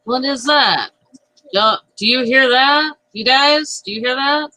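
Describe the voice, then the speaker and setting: A woman's voice: high voice, unhurried, pushed and bright, pitched above the performer's own voice. Woman doing a brash New York tough guy. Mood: alarmed. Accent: put-on New York.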